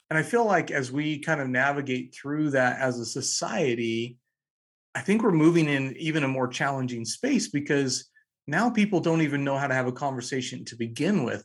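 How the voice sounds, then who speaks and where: A man with a husky, slightly breathy voice leads a casual conversation. He reflects at length in a thoughtful, measured way. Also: mid-range voice, expressive.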